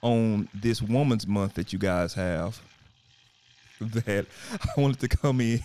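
A man hosting a casual podcast, animated and rambling, laughing as he talks. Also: on the low side, slow pace. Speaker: podcast host.

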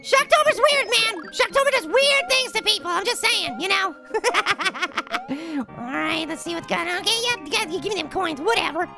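A man voicing a tiny, cocky male cartoon apple with a sped-up, pitched-up voice, giving brash, giggly game commentary. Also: expressive, normal speed, creaky, exaggerated voice. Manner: brash, giggly, trash-talking. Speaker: gameplay commentator. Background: game music.

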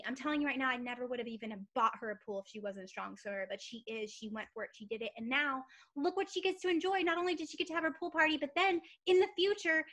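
A woman in her thirties with a voice that sits high gives her team an energetic, emphatic motivational talk on a training call, telling a personal story. She is heard through a call or webinar microphone.

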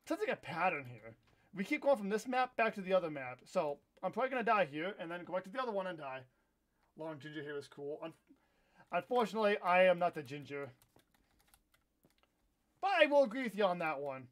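A young American man with a notably high voice, streaming a game live. He rambles and corrects himself as he chats, breaking into excitable outbursts now and then. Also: fairly quick. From United States. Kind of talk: casual live-stream chat while gaming.

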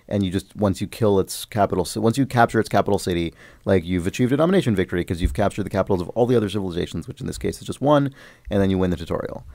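A man's voice: sits low, a little mellow, dry recording. A man on a podcast, telling a long, rambling story about a video game in casual chat, often swearing and getting worked up. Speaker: podcast host.

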